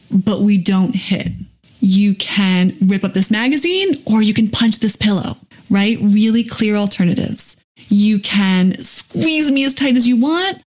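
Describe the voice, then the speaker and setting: A woman's voice: medium pitch, darkish tone. Woman hosting a parenting podcast. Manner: explains step by step and acts out parent lines. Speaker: parenting podcast host and play therapist. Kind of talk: podcast teaching.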